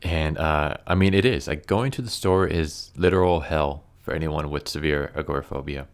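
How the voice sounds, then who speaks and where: A man talking casually and earnestly to camera, halting often with fillers and restarts. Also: a bass voice. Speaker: YouTuber reviewing comics. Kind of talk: casual personal commentary.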